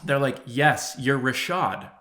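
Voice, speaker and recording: Young man, casual podcast chat, bright voice, animated, swears a lot. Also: mid-range voice, takes it slowly. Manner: animated storyteller, acts out quotes, swears often. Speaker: podcast co-host.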